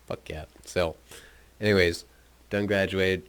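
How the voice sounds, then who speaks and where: A man's voice: low-pitched, steady tone, slow, fairly bright tone, clear, resonant tone. A young man casually telling a rambling, profane story about his school days, often laughing as he talks. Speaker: podcast host telling his life story.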